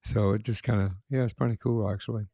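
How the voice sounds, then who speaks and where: A man's voice: on the low side, steady tone, quick pace, warm tone, no room sound, clean studio sound. A man co-hosting a podcast after-show, talking in a loose, rambling way with lots of fillers. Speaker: podcast co-host. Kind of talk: casual after-show chat.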